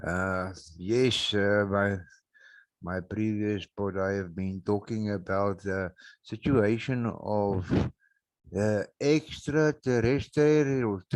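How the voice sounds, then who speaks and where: Slow, rambling South African podcaster. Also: male voice, lowish voice, steady tone, no echo. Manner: rambling, mocking, prone to sudden loud outbursts and laughs. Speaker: podcast host. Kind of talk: rambling solo podcast monologue. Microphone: backup microphone.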